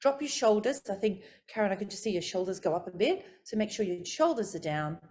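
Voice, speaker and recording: A middle-aged woman vocal coach talks a group through voice warm-ups. Her delivery is expressive and demonstrative, moving between low and high to model technique. Her pitch sits in an ordinary middle range for a woman. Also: fast talker. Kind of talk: coaching workshop talk.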